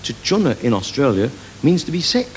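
Animated Mancunian comedian on stage. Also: male voice, medium pitch, a little fast. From Manchester, England. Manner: animated, jokey, telling anecdotes with put-on voices. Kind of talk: live stand-up storytelling. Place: large theatre stage. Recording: live theatre recording, faint hiss. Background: audience laughter.

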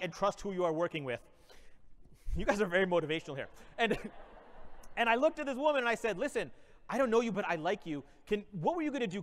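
A man with a high voice rattles off an improvised comic motivational story at a brisk clip. He is a playful keynote speaker in his forties. His voice rings out with the long reverb of a large conference hall. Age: 40s. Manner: energetic, playful storyteller who often breaks into laughter.

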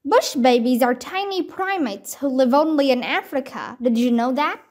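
A woman voicing an eager, brave young girl who pleads excitedly. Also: sits high, moderate pace.

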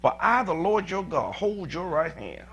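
A male pastor preaching a sermon to his church, moving from quiet scripture reading to fervent shouted declarations, with chatty asides to the congregation. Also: sits high, normal speed, a little hiss or hum. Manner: animated, conversational, with asides to the congregation. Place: church sanctuary.

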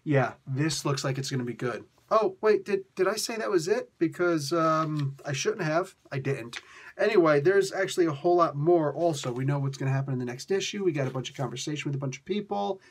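Man, husky voice, a bit high, casual comic review, animated, rambling, lots of fillers. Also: brisk.

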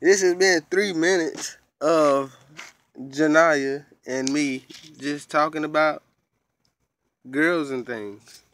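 A man's voice: a little high, steady tone, slow pace, fairly bright tone, slight background noise. A man in his twenties chatting casually with a child on a vlog, playfully egging her on and echoing her answers. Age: 20s. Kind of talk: casual chat.

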